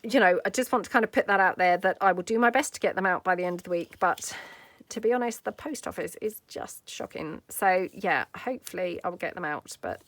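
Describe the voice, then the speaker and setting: Her voice is on the low side, fairly bright, and a little fast as she leads a relaxed craft tutorial at her table. She wanders in her talk, dropping "you know" often and tossing in friendly asides.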